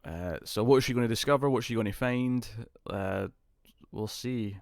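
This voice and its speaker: A British-accented man co-hosts a TV review podcast, chatting casually and rambling while acting out characters' lines with laughs. His voice is medium-pitched, gravelly, and moderately paced, recorded in studio quality with no room sound.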